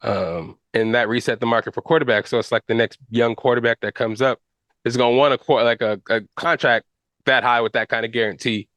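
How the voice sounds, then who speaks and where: A man's voice: mid-range voice, fairly even intonation, brisk, fairly bright tone, no echo. A man hosting a podcast, talking football casually in slang with fillers and restarts. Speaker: podcast host. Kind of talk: casual sports chat.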